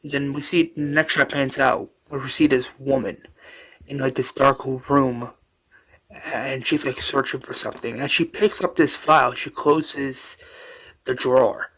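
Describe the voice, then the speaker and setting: Casual man retelling a story, bright-voiced. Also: mid-range voice, steady tone, unhurried, low-quality recording. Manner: rambling, with many fillers. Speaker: fan storyteller.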